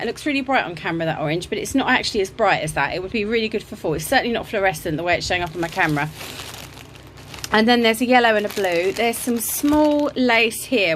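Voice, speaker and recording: A woman's voice: mid-range voice, fairly bright tone, slight background noise, poor audio. A woman chatting casually in a home craft vlog, rambling with ums and little laughs, a bit out of breath, filming on a handheld camera. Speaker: craft vlogger. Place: home craft room, indoors.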